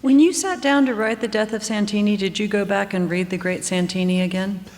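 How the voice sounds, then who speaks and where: A woman's voice: medium pitch, steady tone, brisk, a little mellow. Woman interviewer in a reverberant hall. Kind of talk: onstage author interview.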